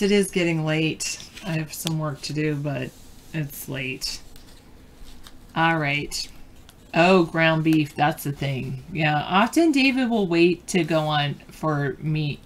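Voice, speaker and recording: A chatty woman co-hosting a live stream, her voice sitting a little low. She talks casually with viewers about everyday things and reads trivia questions aloud. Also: takes it slowly. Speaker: co-host and trivia reader.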